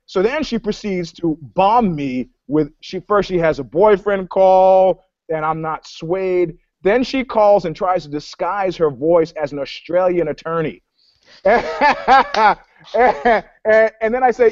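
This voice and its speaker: Male storyteller, high voice, rambling with restarts, dull lo-fi recording. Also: measured pace, no echo. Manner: rambling storyteller, many restarts, acts out quotes. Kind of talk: casual chat. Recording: dull, dry lo-fi sound.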